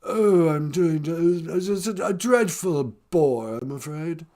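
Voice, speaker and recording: A man's voice: a little high, mellow, pitched below the performer's own voice. A man doing a mopey posh prince. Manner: hesitant, stammering, mournful, slow. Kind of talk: comedy sketch impression.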